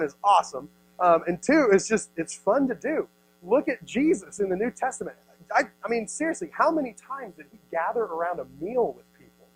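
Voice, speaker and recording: A man's voice: sits high, no room sound, rough recording. A man in his thirties, a youth pastor, giving a playful sermon and acting out the people in the story. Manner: playful, acts out voices, many "like"s. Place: youth service room.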